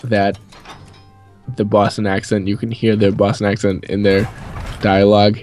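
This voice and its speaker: A man's voice: fairly low pitch, level tone, moderate pace, a little mellow, faint music behind. A young man from New England in a casual storytime chat, rambling and swearing as he rants. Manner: rambling, profane, ranting. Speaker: co-host.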